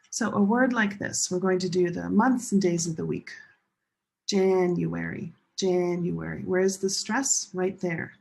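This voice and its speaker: A woman teaching a pronunciation lesson, leading learners through slow chanted drills. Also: medium pitch, vocal fry, a little mellow, slightly rough. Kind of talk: classroom lesson.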